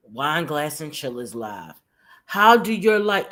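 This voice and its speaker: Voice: medium pitch, big pitch swings, unhurried, a bit bright. A livestream host reacting to a video and reading comments, chatty and slangy, calling viewers "y'all".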